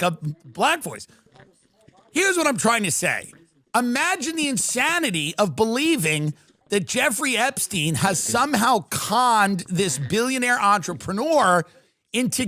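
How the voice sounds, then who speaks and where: A man's voice: high-pitched, a bit bright, no room sound. A man hosting a livestream, riffing through a sarcastic comedic rant. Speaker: livestream host.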